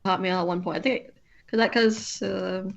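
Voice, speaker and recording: A woman's voice: mid-range voice, fairly even intonation, normal speed, vocal fry, dull audio. A woman streamer chatting casually with a friend while drawing, rambling and often breaking off to restart her sentences.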